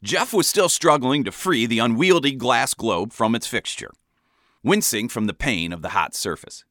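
A man reading his own comic memoir aloud in a wry, deadpan storytelling manner. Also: medium pitch, normal speed, no echo, clean studio sound.

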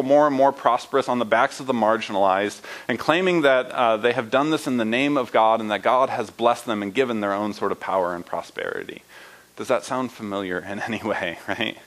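A man's voice: mid-range voice, fairly bright tone, low-quality recording. A young adult man preaching a sermon in a conversational way, often asking listeners rhetorical questions and checking in with "right?". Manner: uses fillers and "right?" often. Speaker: pastor.

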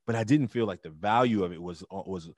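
A middle-aged man telling his story as an interview guest, emphatic and animated with loud bursts. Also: deep voice, fast, no room sound, studio quality. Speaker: interview guest, teacher and club founder.

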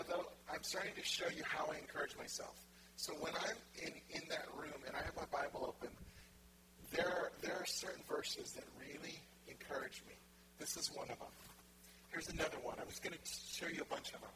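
A man preaching in a loose, conversational way, slipping into quoted voices to act out his points. His voice sits a little high. A strong wash of noise runs under the recording. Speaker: pastor. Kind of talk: sermon. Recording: loud background noise.

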